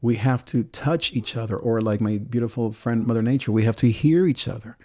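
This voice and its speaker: A man hosting a call-in show, talking earnestly and emotionally about faith and love, with frequent restarts and soft laughs. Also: mid-range voice, a little fast. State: choked with emotion. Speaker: host.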